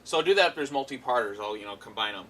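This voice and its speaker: A man's voice: mid-range voice, expressive, rapid-fire, sharp tone, rough recording. A man giving a casual, rambling review of a cartoon episode, full of fillers and amused asides.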